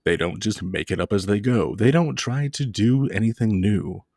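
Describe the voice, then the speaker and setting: A man's voice: on the low side, moderate pace, a little mellow, no room sound, clean studio sound. A man giving a casual video lecture, dropping playful jokes and mock-scary asides.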